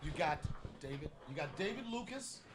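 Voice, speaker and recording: A man hosting a comedy podcast, telling stories in a casual, profane way and bursting into loud shouted bits. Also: a little high, very animated, moderate pace, heavy background noise.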